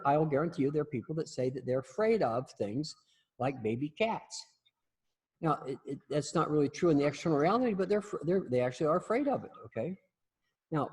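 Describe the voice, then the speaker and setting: A man's voice: fairly high pitch, a little mellow, husky. Guy lecturing a class, rambly, keeps restarting sentences, blunt and a bit salty. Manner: rambling, repeats and restarts words often; blunt, salty humor with mild swearing. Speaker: instructor. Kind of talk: casual spoken lecture.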